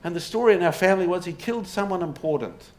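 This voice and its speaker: A man's voice: high-pitched, lively intonation, quick pace. A man giving a public talk to a live audience in a pub, telling stories with wry humour and rhetorical questions. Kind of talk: public lecture. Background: audience laughter, faint room noise.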